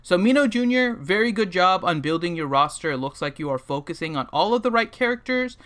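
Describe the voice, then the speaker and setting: A man's voice: sits high, lively intonation, a little fast, a bit bright. A man hosting a casual gaming livestream, joking and rambling with plenty of fillers as he introduces people and reviews a game roster.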